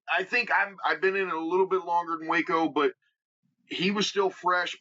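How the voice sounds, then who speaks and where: A wrestler with a Midwestern American accent and a voice on the high side guests on a podcast, telling stories animatedly and emphatically while acting out what others said. The audio is dull, lo-fi podcast quality.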